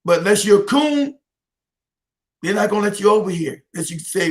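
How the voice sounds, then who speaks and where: A man's voice: high voice, lively intonation, brisk, long pauses. A man from the United States talking as an interview guest, emphatic, repeating himself and laughing between points. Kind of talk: heated interview talk.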